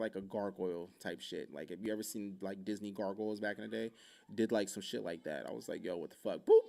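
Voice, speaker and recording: Gravelly and somewhat low, this man's voice carries a solo podcast he hosts himself. He rambles and interrupts his own thoughts while telling candid personal stories laced with plenty of swearing.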